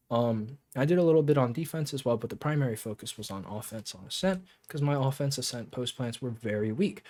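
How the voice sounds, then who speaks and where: Male coach, mid-pitched, easygoing, talks players through their mistakes with a chuckle and a loose tongue. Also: a little mellow. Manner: laid-back, chuckles often, swears casually. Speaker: game coach. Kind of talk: casual coaching talk over gameplay footage.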